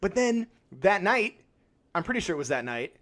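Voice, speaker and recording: Animated, lively-voiced podcast guy. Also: high voice, moderate pace. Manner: animated, acts out characters' lines, crude humor. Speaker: podcast co-host. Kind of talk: casual film-review chat.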